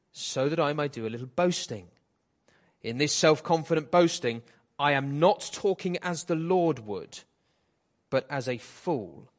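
A man preaching an expository sermon, reading scripture and paraphrasing it in a lively, dramatic way. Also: a little high.

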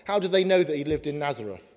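A man preaching a sermon in an earnest way, slowing down for emphatic lines. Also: on the high side, expressive, darkish tone. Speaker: pastor. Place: church hall. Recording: long hall reverb.

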